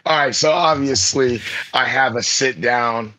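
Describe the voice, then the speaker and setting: A man's voice: mid-range voice, a little slow, sharp tone. A man chatting casually on a podcast about his stream, rambling and repeating himself, laughing easily. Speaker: streamer guest.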